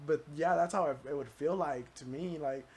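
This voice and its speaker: High-voiced young man rambling casually. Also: a little hiss or hum. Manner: rambling, halting, lots of "like" and "dude". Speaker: podcast guest. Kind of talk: casual chat.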